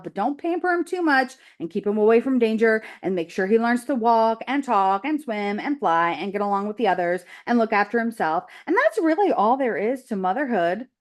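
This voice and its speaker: A bossy, suspicious old goose scolds and lectures, as a woman teacher reads her lines aloud. She rattles off advice briskly, with a sharp, no-nonsense edge. It is a children's storybook read-aloud. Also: on the high side, lively intonation, lightly acted. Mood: scolding.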